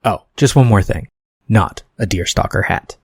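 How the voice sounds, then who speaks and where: A man reading a screenplay aloud and voicing a young film buff who quickly corrects the others with facts. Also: on the low side, husky, no room sound, studio quality. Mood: wry.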